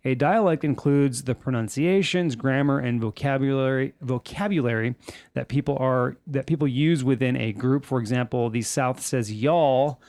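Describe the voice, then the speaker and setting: Podcast host guy, gravelly voice, dry room, reads notes with wry little asides. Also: mid-range voice, normal speed, a little mellow, no room sound. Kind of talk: casual chat.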